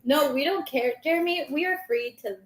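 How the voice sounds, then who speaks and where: A woman's voice: high voice, moderate pace. Playful teasing woman host, roomy sound. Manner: playful, teasing, laughs often. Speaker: livestream host. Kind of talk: casual chat. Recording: roomy echo.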